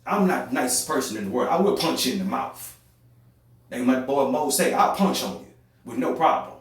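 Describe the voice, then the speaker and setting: A young man with an African American Vernacular English accent delivers a heated, preachy monologue. He repeats his phrases and swings between loud outbursts and quiet, low stretches. His voice rings through a very echoey room, picked up from far off. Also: animated, fairly quick. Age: young adult. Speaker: podcast host. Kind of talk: impassioned monologue.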